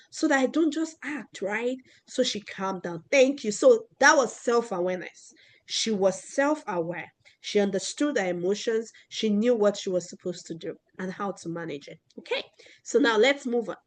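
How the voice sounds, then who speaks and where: A woman teacher leading a children's class, her voice a little high. She asks the kids question after question and keeps checking in with "right?" as she goes. Her delivery is that of classroom instruction.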